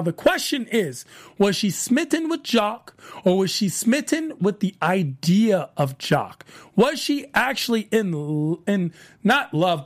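A man hosts a solo aftershow recap, speaking in a high voice with a gravelly, creaky texture. He retells scenes in a chatty, animated way, slipping into the characters' voices as he quotes them. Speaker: podcast host recapping a TV show.

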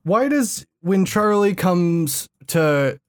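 A man's voice: sits high, expressive, very slow, smooth. A man co-hosting a casual podcast who cuts in with jokes. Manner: joking, interrupting. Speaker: podcast co-host. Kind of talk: casual chat.

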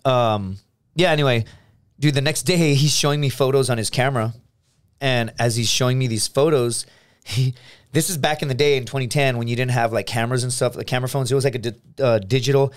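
An American man, a podcast co-host, telling a story in casual chat, animated and full of restarts, acting out his friends' lines. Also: mid-range voice, brisk. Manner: animated, restarts a lot, acts out quoted friends.

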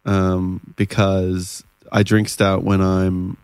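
A man's voice: low-pitched, clear, resonant tone, no room sound. Laid-back drawling man. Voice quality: laid-back stoner voice from the back of the throat. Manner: slow, drawling, relaxed. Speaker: podcast guest. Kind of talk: casual podcast chat.

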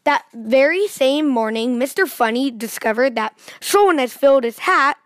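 A woman with a high, bright voice reads a children's storybook aloud. She tells it in a lively way and turns to her young listeners with questions. The sound is dry and close, with little room. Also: moderate pace, no echo.

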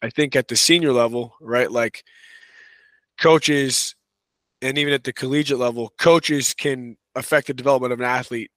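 A man talking as a wrestling coach and podcast guest in a relaxed, casual way, full of "you know" and "right.". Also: medium pitch, normal speed, no room sound. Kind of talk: casual conversational interview.

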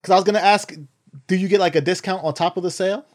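Guy with a high voice talking fast on a podcast, kinda teasing. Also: fairly even intonation. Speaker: podcast co-host. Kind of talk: casual chat.

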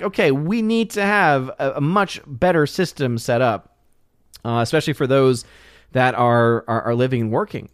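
A man's voice: sits high, dry recording, clean studio sound. A man hosting his channel, chatting casually and reading viewer comments on a live stream, loose and full of fillers and restarts. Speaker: channel host.

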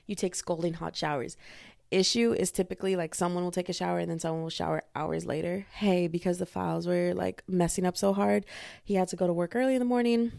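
Woman, young, gravelly fry, dry bedroom recording, chatty animated ranting. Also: fairly low pitch, quick pace, no echo. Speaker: podcast host. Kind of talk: casual solo podcast rant. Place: her bedroom.

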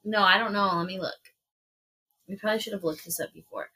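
A woman's voice: mid-range voice, quick pace, pushed and bright, slight background noise. A woman co-hosting a podcast, chatting casually and swearing as she taste-tests food and reads out prices. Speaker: podcast co-host. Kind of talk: casual chat while taste-testing food. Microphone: podcast mic in a shared room.

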